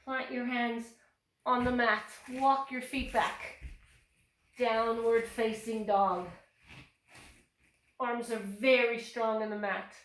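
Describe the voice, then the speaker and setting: Echoey yoga teacher guiding young children. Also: female voice, on the high side, fairly even intonation, takes it slowly, long pauses. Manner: cheerful, encouraging step-by-step instructions. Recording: echoey room, voice from a distance.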